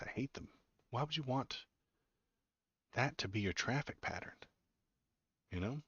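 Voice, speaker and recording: A man's voice: mid-range voice, animated, a little slow, pauses often, a bit bright, husky, no room sound, dull audio. A man hosting a casual political livestream, ranting with sarcastic, mocking disgust and chatting to his viewers.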